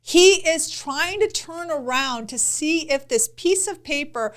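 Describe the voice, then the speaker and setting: A middle-aged woman co-hosting a podcast, telling a story in an animated, laughing way and acting out quotes. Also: high voice, measured pace. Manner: animated, laughs through stories, acts out quotes. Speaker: podcast co-host. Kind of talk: casual storytelling chat.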